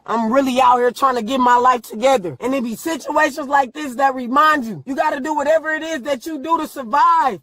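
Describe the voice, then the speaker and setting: Angry cursing woman, high voice, echoey reverb-y room, bit of hiss. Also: brisk, hardly any pauses, fairly bright tone. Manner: furious, cursing, threatening. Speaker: detained driver. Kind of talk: heated confrontation with police. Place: police stop and hospital room. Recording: echoey room with long reverb, faint noise.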